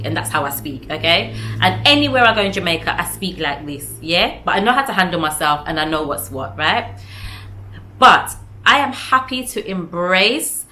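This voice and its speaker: A woman's voice: fairly low pitch, sharp tone. A young British woman with a British accent talking casually to camera, emphatic and repeating her points with tag questions. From United Kingdom. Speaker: vlogger.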